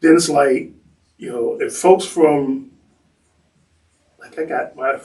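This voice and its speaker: A man who works as a tour guide, telling stories in an animated way and acting out the people he quotes. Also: mid-range voice, takes it slowly, distant mic, rough recording. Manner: acts out the people he quotes in bursts. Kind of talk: animated storytelling.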